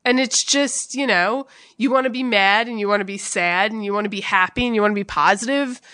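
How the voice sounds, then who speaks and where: Bright-voiced woman venting bluntly. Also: medium pitch, a little fast, no echo, studio quality. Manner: emotional, blunt and profane. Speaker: podcast co-host. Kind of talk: candid conversational storytelling.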